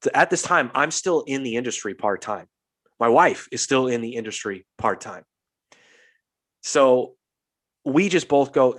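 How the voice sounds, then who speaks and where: A young man hosting a casual podcast tells a long story with a lot of life, acting out each voice and cursing freely. His voice sits at an ordinary pitch for a man. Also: measured pace, long pauses. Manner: animated storyteller, swears freely, acts out quotes. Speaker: podcast host.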